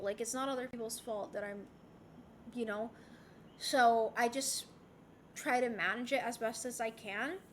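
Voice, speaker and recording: A woman's voice: high voice, a bit bright, slight background noise. A young woman streamer chatting candidly with her chat from home, swearing freely and rambling with restarts. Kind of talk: casual chat.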